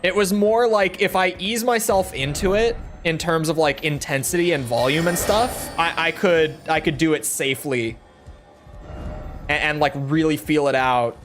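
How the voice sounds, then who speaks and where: Young man, twenties, rambling gaming streamer, speaks from his throat; a touch high-pitched. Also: normal speed, fairly bright tone, faint music behind. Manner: talks from the throat to project, chatty and rambling. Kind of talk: casual gaming stream chat.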